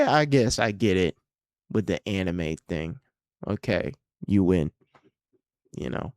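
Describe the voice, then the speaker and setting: A man's voice: sits low, clean tone, no echo, studio quality. A young man hosting a solo podcast, rambling casually with a lot of swearing and self-mocking asides. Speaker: podcast host.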